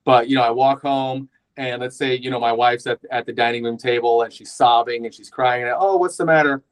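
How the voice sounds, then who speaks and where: A man running a sales training session in a loose, conversational way. He keeps checking in with his listeners and often restarts his thoughts mid-sentence, at a middling pitch. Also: completely flat delivery, fairly quick, clean tone, rough recording. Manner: conversational, with frequent "right?" tags and restarts. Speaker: real estate sales trainer. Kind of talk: informal sales training talk.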